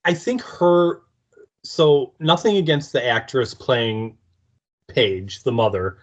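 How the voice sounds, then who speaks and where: Slow-talking man on a dull mic. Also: medium pitch. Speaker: podcast co-host. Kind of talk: casual chat.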